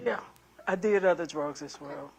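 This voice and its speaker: Older woman answering questions in court, low-pitched voice, soft and kind of apologetic. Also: normal speed, creaky, slight background noise. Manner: soft-spoken, earnest and apologetic. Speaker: prospective juror. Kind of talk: answering jury selection questions.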